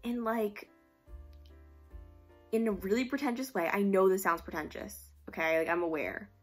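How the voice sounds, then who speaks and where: A woman's voice: mid-range voice, moderate pace, husky, faint music behind. A young woman from New York rambling casually in a vlog, full of likes and self-aware asides. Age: young adult. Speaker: vlogger.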